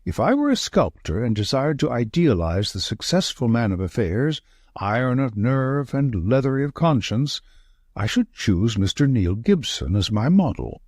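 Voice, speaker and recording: Husky man narrating a detective audiobook. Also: mid-range voice, very animated, normal speed, darkish tone, no room sound, studio quality. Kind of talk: scripted narration.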